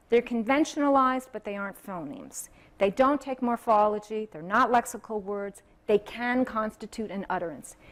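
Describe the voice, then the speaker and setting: A middle-aged woman giving a public lecture on linguistics and then answering audience questions in a thoughtful, self-correcting way. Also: a little high.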